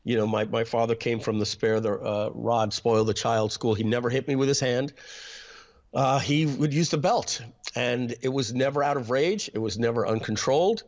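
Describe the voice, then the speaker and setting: A man being interviewed, reflectively telling family stories about his upbringing and often clearing his throat. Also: medium pitch, normal speed. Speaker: interview guest, internet marketer. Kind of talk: personal storytelling in an interview.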